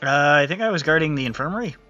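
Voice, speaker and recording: A man's voice: a little high, animated, racing, bright, forceful tone, faint music behind. A man playing a skittish young male guard soldier, hesitant and stammering, slipping into an Irish lilt. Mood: nervous. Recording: dull lo-fi sound.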